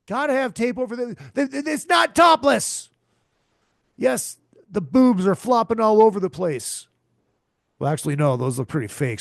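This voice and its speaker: A man's voice: sits high, a little mellow, no room sound, studio quality. A man hosting a podcast, ranting in a crude, profane and exasperated way, repeating himself often. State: tired and hungover. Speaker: podcast host. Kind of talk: crude comedic rant.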